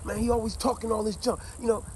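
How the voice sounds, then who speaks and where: A man's voice: high-pitched, fast talker, very noisy, voice pushed up, natural voice. A man quoting a sullen teenage boy. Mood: subdued, annoyed. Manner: flat, subdued.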